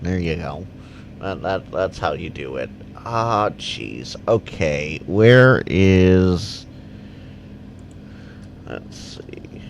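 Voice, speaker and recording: A man's voice: sits low, sing-song, slow pace, vocal fry, a little hiss or hum. A man hosting a casual live Q&A, rambling as he reads out viewer comments and answers them. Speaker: livestream Q&A host.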